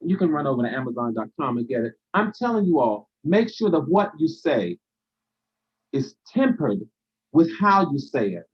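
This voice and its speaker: A man's voice: a little high, sing-song, normal speed, slightly rough, highs cut off. A man hosting a live stream, giving a motivational talk in a preacherly way, repeating phrases for emphasis and answering viewers' comments.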